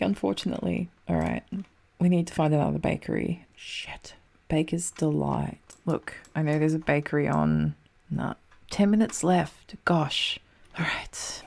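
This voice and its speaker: Young Australian woman, low gravelly voice, chatty frantic game commentator who swears under her breath. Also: measured pace, a little mellow. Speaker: streamer playing a map game. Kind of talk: casual gameplay commentary.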